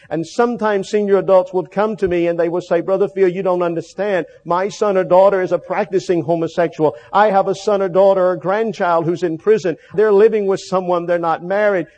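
A man preaching a sermon, earnest, slowing down to stress key phrases. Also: high-pitched, darkish tone, lo-fi sound.

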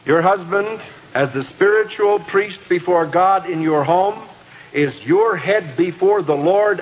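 A male preacher delivering a sermon, emphatic and slowing down to stress key words. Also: on the high side, husky, in a large hall. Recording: tinny lo-fi tape with faint hiss.

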